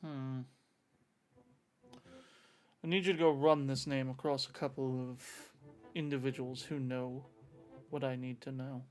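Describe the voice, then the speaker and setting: A man's voice: medium pitch, little pitch movement, measured pace, long pauses, darkish tone, soft background music. A man running a tabletop role-playing game, narrating what characters do and speaking their lines in his own voice. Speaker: game master.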